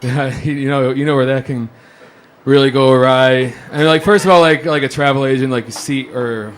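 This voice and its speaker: A man's voice: mid-range voice, steady tone, normal speed, a little hiss or hum. A man telling a comic story in a casual way, swearing and acting out other people's lines.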